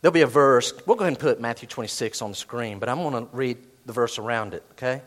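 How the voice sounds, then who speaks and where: This pastor preaches quickly at a medium pitch. His delivery shifts from booming emphasis to softly spoken asides, and he dramatizes quoted inner voices.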